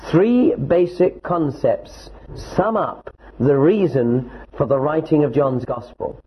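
Man teaching scripture, husky and lo-fi. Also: fairly high pitch. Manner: reads scripture slowly, explains with asides. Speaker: Bible teacher. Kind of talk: lecture on a Bible passage. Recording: dull lo-fi recording.

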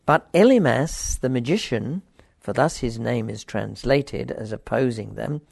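An older man teaching a Bible passage informally, rambling with wry asides and reading the scripture aloud forcefully. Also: medium pitch, expressive, unhurried, creaky, no room sound.

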